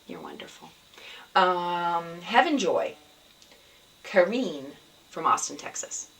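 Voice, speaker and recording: A woman hosts a homemade knitting podcast in easy, rambling chat full of ums and false starts. Her voice is bright and slightly low for a woman. The camera mic sits a bit away from her, so she sounds a touch distant. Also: big pitch swings, takes it slowly, a little hiss or hum. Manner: chatty, rambling, with many fillers and restarts. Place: at home, indoors.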